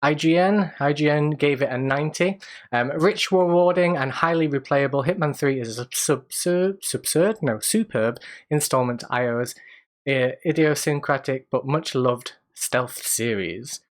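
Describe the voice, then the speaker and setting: A man's voice: on the high side, a little slow. A man hosting a casual news roundup podcast, chatty and reading quotes aloud with asides. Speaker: podcast host.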